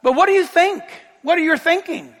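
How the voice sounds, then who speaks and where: A man preaching a sermon as pastor, animated, shouting out quoted crowds and joking with the congregation. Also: very high voice, fairly quick, in a large hall. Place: church sanctuary.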